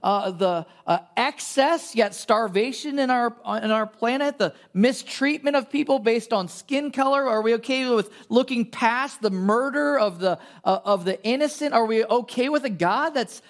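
A man with a very high-pitched voice preaches a conversational sermon at a moderate pace, barely pausing. As a pastor, he tells stories casually, uses fillers, and asks many rhetorical questions.

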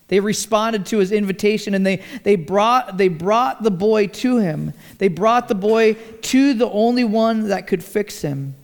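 A man's voice: sits high, measured pace, few pauses. A man preaching a conversational sermon as pastor, often restarting words and asking the congregation questions.

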